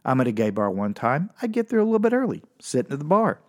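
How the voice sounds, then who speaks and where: A man doing stand-up comedy, telling a personal story with animated, exaggerated delivery and sudden jumps up for punchlines. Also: medium pitch, quick pace.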